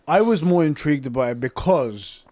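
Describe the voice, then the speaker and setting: Laid-back podcast co-host, dry sound. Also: male voice, on the high side, normal speed, no room sound. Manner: relaxed, swears casually, laughs easily. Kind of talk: casual chat, reading listener messages.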